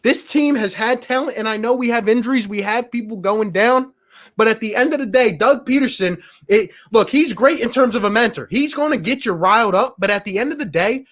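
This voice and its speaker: A man's voice: sits high, a little fast, fairly bright tone. A man hosting a live post-game sports show, ranting with passion and frustration, reading viewer messages and calling them bro and my guy. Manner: casual slang, calls viewers bro and my guy. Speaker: sports talk show host.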